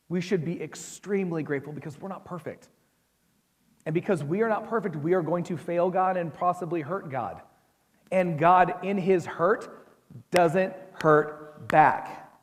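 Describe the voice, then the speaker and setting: A man with an American accent preaching a sermon as pastor, conversational and quick to ask his listeners questions. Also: fairly high pitch, big-room sound.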